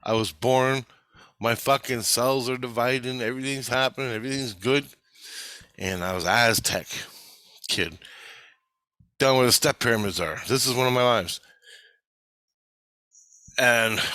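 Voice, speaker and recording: Man, blunt, swears constantly, rambling monologue, bright tense tone, dry close sound. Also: medium pitch, smooth, no echo. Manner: blunt, heavily profane, rambling with restarts. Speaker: channel host. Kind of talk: casual spoken monologue.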